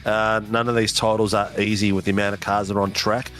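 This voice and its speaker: A man's voice: lowish voice, flat delivery, fast talker, a bit bright. A man hosting post-race interviews for a sim racing broadcast, chatty and hyped up. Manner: hyped announcer, chatty, says mate a lot.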